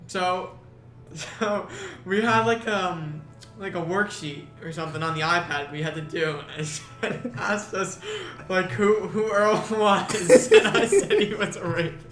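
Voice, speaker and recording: A young man with a high, bright voice tells a school story in casual chat. He giggles and stumbles as he goes. The echoey room has faint music behind him. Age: young adult. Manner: giggly, halting retelling. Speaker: co-host.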